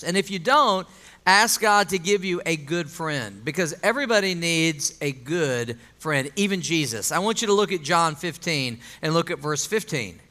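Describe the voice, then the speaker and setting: A male pastor delivering a conversational sermon in a high, bright voice. He talks with the congregation rather than at them, asking questions and drawing out amens.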